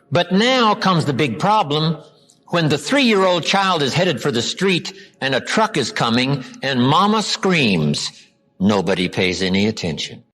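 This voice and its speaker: Husky older American man lecturing in a hall. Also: mid-range voice, a bit bright. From United States. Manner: rhetorical questions, repeats key words with slow drawn-out emphasis. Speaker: motivational speaker. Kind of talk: live seminar lecture. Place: large hall with a live audience. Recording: live hall recording with long reverb.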